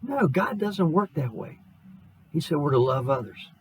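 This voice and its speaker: A middle-aged man preaching as a pastor, hoarse and losing his voice, telling a folksy, earnest story in his sermon. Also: fairly high pitch, sing-song, normal speed, slight background noise, low-quality recording.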